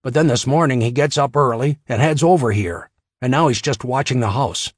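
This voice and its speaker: A man's voice: mid-range voice, fairly quick, dry recording, studio quality, close to an everyday voice. A man voicing a matter-of-fact male watcher who reports what he has seen over the phone in an audiobook. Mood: reporting.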